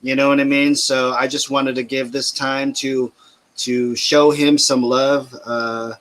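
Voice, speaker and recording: A man's voice: mid-range voice, little pitch movement, unhurried, fairly bright tone. A man, hosting a casual podcast chat, rambling loosely and swearing freely. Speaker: podcast host.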